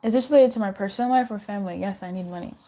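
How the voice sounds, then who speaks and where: A woman's voice: medium pitch, racing, warm tone. A young woman doing a live tarot reading in a chatty, reassuring way, giggling and swearing now and then. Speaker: tarot reader.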